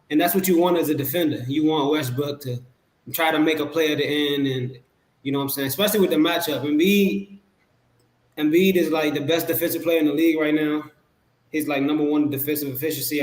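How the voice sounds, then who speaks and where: A man as a podcast guest, talking basketball in a relaxed, rambling way with many fillers and restarts. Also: on the high side. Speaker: podcast guest, Sixers fan. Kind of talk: casual sports talk. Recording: echoey room.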